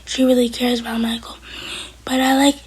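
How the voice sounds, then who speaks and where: A woman's voice: on the high side, little pitch movement, normal speed, slightly rough, poor audio. A woman giving a whispered TV recap, chatty and opinionated as she retells an episode. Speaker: TV episode reviewer.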